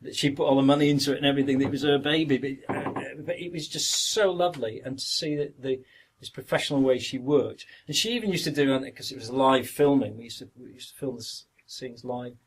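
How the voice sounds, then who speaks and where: A man's voice: mid-range voice, fast. A middle-aged man with a Yorkshire accent, a guest actor reminiscing through long anecdotes in a casual podcast interview.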